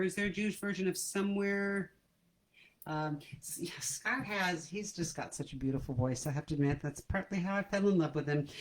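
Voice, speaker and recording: A woman's voice: on the low side, poor audio. Chatty woman hosting a comedy livestream. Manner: chatty, self-deprecating, laughs at her own jokes. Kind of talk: casual chat to a livestream audience. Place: at home. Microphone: computer camera mic.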